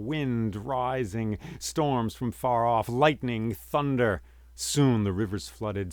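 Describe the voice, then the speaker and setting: A man voicing an ancient immortal who survived the great flood, speaking with a slow, solemn cadence. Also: lowish voice, no room sound, natural voice.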